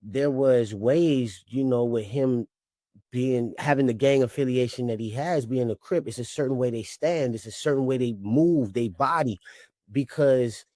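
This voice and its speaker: Warm-toned and measured, a mid-range male voice tells stories in a laid-back way during a casual interview. He's in his thirties, hails from New Orleans, Louisiana, has the accent to match, and keeps adding "you know what I mean"; the recording is dry and clean, studio-made.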